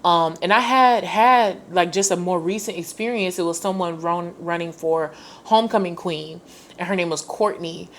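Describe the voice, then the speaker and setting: A woman in her twenties hosting a podcast, telling a personal story in a casual, slangy way and acting out quoted dialogue with big jumps in pitch. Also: normal speed. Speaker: podcast host.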